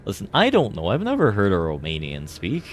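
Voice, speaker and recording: A man with a deep, low voice talks through a game on a live stream. He rambles loosely from one joke to the next and leans on filler words as he goes. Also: wildly swooping pitch, a little fast, slight background noise. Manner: rambling and jokey, heavy on fillers. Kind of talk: casual live gameplay commentary.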